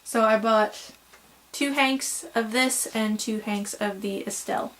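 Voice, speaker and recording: A young woman with a slightly high voice talks casually at home, gushing and rambling as she shows off her yarn. She sounds tired and is fighting the hiccups. A faint hum of room noise sits behind her. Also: fairly even intonation, takes it slowly, fairly bright tone. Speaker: crochet vlogger. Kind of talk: casual show-and-tell vlog.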